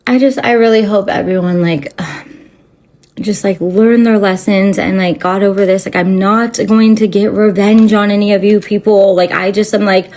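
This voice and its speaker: A woman's voice: mid-range voice, steady tone, normal speed, darkish tone. A woman hosting a spiritual channel, ranting in a rambling, profane way with constant fillers and restarts. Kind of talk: unscripted spiritual rant to camera.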